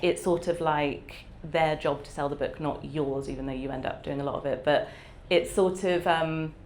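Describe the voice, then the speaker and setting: A woman author, a guest at a live event, gives a candid conversational interview in a low, steady, slightly mellow voice at a moderate pace, with a little hiss or hum. She reflects openly, using lots of fillers and laughing easily.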